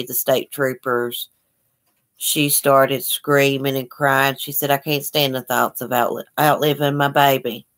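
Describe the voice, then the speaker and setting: A woman hosting a casual livestream, reading viewer comments aloud and answering with sympathy in a chatty, folksy way. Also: a bass voice. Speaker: livestream host.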